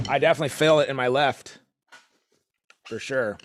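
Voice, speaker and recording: A man's voice: medium pitch, unhurried, pauses often, over loud music. A man hosting a live drum workout stream, counting off exercises and coaching casually. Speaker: drum instructor and stream host. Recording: loud drumming in the background.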